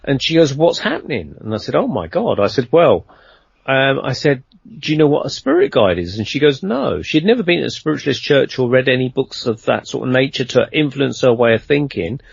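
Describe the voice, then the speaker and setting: A man's voice: mid-range voice, big pitch swings, a little fast, creaky, husky, no room sound, lo-fi sound. A man telling a long anecdote in a casual interview, rambling and conversational, with lots of fillers and restarts. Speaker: guest storyteller.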